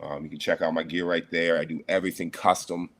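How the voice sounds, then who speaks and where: A man's voice: sits low, little pitch movement, quick pace, a bit bright. A man talking as a podcast guest in laid-back, slangy chat.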